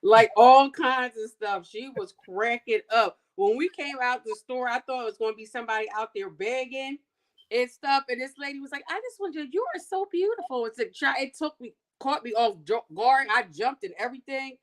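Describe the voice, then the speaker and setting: A woman talks casually with a friend over a sewing project. She tells expressive stories in a relaxed, conversational way. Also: a little high, normal speed. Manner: expressive, chatty storyteller. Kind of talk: casual chat while sewing.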